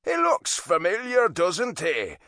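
Give me a man playing a gruff Irish father, loud and bantering, teasing his grown son. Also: sits high, huge pitch swings, takes it slowly, dry recording, studio quality, voice pushed up, full character voice. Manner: bantering, mock-forgetful. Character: gruff Irish father behind a pub bar.

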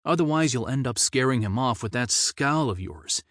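A man voicing a teasing male band manager in his early thirties, brisk and upbeat, pitched higher than his reading voice. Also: expressive, fairly bright tone, no room sound, studio quality, natural voice. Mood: insistent.

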